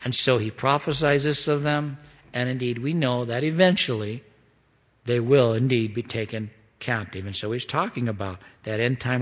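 A man at the pulpit preaching through a passage of scripture, his middle-pitched voice carrying a long hall reverb. He pleads and presses hard on his questions, then sinks to hushed, low asides. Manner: pleading, emphatic, swings from loud rises to hushed drops. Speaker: pastor. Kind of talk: expository sermon.

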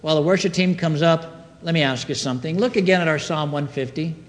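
A man's voice: a little high, fast, in a large hall. A man preaching a sermon to a congregation, reading scripture and asking the room call-and-response questions. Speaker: pastor. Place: church sanctuary.

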